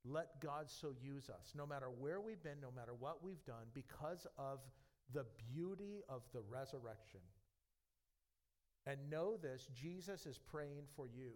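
A man's voice: mid-range voice, a little mellow. A male pastor delivers a sermon in an earnest, conversational way. He often restarts phrases and leans on fillers. His voice sits in a middle range for a man.

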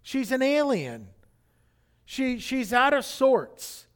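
Man, senior pastor, sermon, high voice, casual rambling delivery. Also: very animated, takes it slowly, a bit bright. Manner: conversational preaching with many fillers and restarts.

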